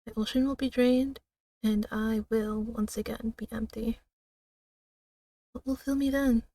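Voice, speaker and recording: A woman streamer reading a narrative game aloud in a slow, dramatic way, now and then breaking off with laughs and asides. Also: a little high, steady tone, dark tone, no room sound, far from the mic.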